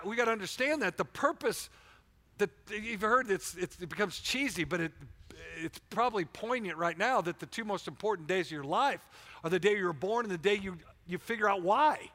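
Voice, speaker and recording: A man's voice: sits high, pushed and bright. A man preaching a fervent sermon as pastor, with frequent restarts, calling on people in the room. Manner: fervent, repetitive restarts, calls on listeners by name. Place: church sanctuary.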